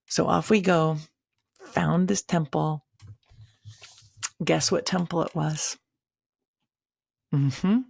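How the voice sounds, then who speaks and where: Gravelly woman telling a story. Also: deep voice, dry recording, studio quality. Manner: animated, casual, dramatic storyteller. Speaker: spiritual teacher. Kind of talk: personal storytelling monologue.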